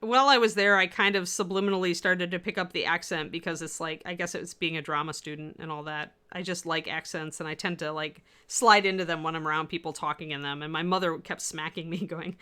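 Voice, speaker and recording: Woman, bright clear voice, casual livestream chat, rambling and talkative. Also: lowish voice, fairly even intonation, brisk, hardly any pauses. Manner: chatty, rambling, frequent laughs and fillers. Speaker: livestream co-host and miniature painter. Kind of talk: casual livestream chat reading viewer comments.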